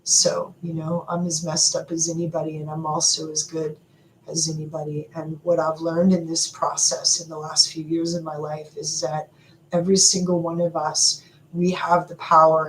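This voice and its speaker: A middle-aged woman hosting a live stream, talking to viewers in an animated, emotional and rambling way, often laughing. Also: deep voice, moderate pace. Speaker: livestream host. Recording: echoey room with faint background noise.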